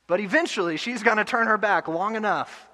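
A young adult man preaching a sermon earnestly, building to loud emotional peaks. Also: high-pitched, a little fast, in a large hall. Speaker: pastor. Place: church hall.

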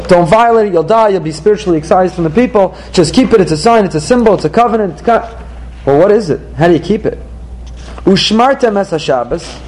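Man, Torah teacher, text study class, probing rhetorical questions, high-pitched, faint background hiss. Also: darkish tone, low-quality recording.

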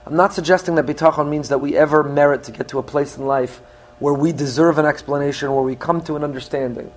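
A man's voice: a little high, fairly even intonation, fast, a little hiss or hum. Earnest man teaching a sermon. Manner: earnest teaching, with rising emphasis on key points; mixes English with Hebrew phrases. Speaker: rabbi.

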